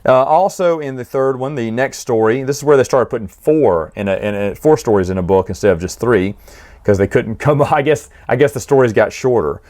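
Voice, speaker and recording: A chatty man recapping a book series, pitched in the middle of the male range. He rambles informally, restarts his sentences, fills pauses and laughs along with his own stories. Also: lively intonation, darkish tone. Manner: chatty, laughs often, frequent restarts and fillers. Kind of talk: casual spoken recap.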